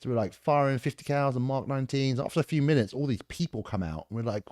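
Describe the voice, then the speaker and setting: A British man in his forties, a guest on a podcast, telling stories about his army years in a relaxed way. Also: medium pitch, fast talker, dry recording, studio quality. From England. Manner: laid-back storytelling, swears and laughs a lot. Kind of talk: casual interview.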